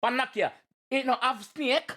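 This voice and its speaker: A man with a Jamaican accent giving casual, animated reaction commentary, exclaiming and explaining lyrics. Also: extremely high pitch, moderate pace. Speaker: reaction video host.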